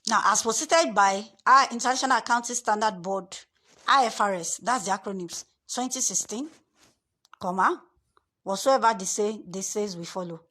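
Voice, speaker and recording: A woman's voice: medium pitch, normal speed, pushed and bright. Woman tutor, screen-share lesson, repetitive, leans on key words.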